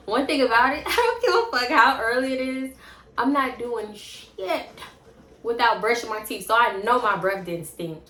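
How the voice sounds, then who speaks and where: Bright-voiced woman telling a blunt story. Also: on the high side, measured pace. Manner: animated, blunt and profane, acting out quotes. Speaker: storytime vlogger. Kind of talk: casual storytime. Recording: roomy echo.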